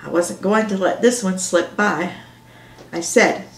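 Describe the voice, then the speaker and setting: A woman author reads her own novel aloud in a measured first-person storytelling manner. Her voice sits at a middle pitch, and the recording carries a roomy echo. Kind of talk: audiobook narration on camera.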